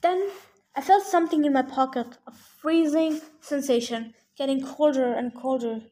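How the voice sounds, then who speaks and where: A woman's voice: high voice, moderate pace, dark tone. A woman narrating a first-person adventure story aloud, casual, with joking asides. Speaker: audiobook reader.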